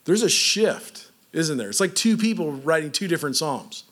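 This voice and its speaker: A man's voice: fairly high pitch, lively intonation, normal speed, a bit bright. A man preaching a sermon in a conversational way, reading scripture and often saying "like". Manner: conversational, peppered with "like".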